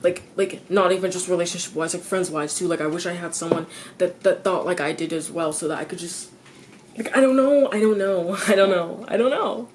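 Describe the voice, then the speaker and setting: A teenage girl talking to the camera in a confessional rant, her usual voice sitting fairly low for a woman. She stumbles over and repeats half-finished phrases, swears casually, and leaps upward in pitch when frustrated. A faint hum runs underneath. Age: teens. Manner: halting, repeats herself, restarts sentences; swears freely, voice jumps high when exasperated.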